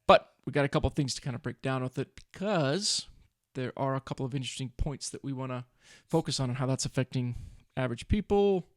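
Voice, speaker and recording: A man's voice: medium pitch, animated, a little fast, hardly any pauses, no room sound, studio quality. A man co-hosting a finance podcast in casual chat, explaining things with frequent restarts. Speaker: podcast co-host.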